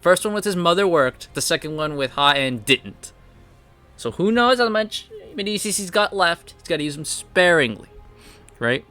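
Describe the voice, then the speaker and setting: Bright-voiced man recapping comic chapters. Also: on the high side, expressive, moderate pace, soft background music. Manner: retells scenes by paraphrasing characters, chuckles often. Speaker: manhwa reviewer.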